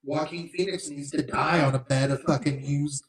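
A man's voice: a little high, fairly even intonation, moderate pace, poor audio. A man in his thirties co-hosting a casual podcast, talking in a heated, emphatic, profane way. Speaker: podcast co-host.

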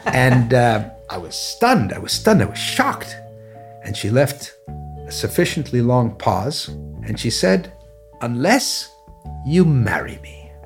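A man in his sixties from Canada, telling personal stories in a measured, anecdotal way in an interview. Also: medium pitch. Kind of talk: reflective storytelling interview. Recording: faint guitar music underneath.

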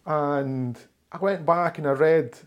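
A man's voice: fairly high pitch, takes it slowly, highs cut off. A man, an author in an interview, telling a long story in a rambling way with many restarts. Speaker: author and journalist being interviewed. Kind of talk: conversational storytelling.

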